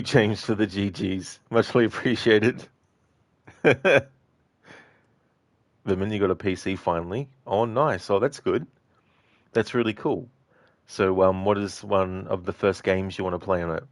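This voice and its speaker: Man, game streamer, casual chat with viewers, deep voice, dry close sound. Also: measured pace, pauses often, no echo. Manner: chatty, laughs easily, frequent fillers.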